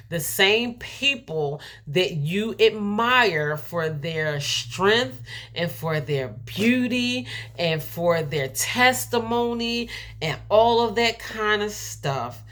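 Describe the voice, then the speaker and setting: A woman's voice: mid-range voice, lively intonation, slow, a bit bright. A woman delivering an earnest, emotional faith-based motivational talk to her viewers. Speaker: motivational speaker.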